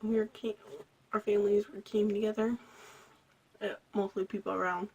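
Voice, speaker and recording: A young woman from Michigan casually telling embarrassing stories to camera, giggling, rambling, and slipping between whispers and loud bursts. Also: mid-range voice, little pitch movement, moderate pace, slightly rough. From Michigan, USA. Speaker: vlogger.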